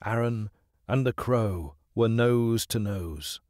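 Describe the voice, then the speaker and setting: A man narrating a dramatized children's audiobook in an expressive, unhurried way. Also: lowish voice, dry recording, studio quality.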